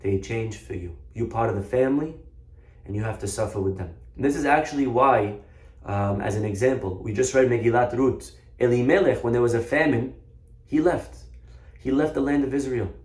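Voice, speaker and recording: A man's voice: mid-range voice, normal speed. Man telling a sermon story in an echoey room. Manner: animated storytelling with restarts. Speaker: Torah teacher.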